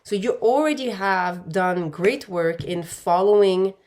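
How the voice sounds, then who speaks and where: A woman's voice: mid-range voice, a little slow, darkish tone, a little hiss or hum. A woman giving an intuitive pick-a-pile tarot reading, speaking in a meandering way and calling her viewers "my dear". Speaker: tarot card reader.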